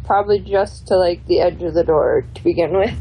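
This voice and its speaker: A woman's voice: on the low side, fairly quick, mellow, slight background noise, low-quality recording. A woman playing in a tabletop game, talking casually and joking with many fillers. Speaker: player. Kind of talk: tabletop game play over voice chat.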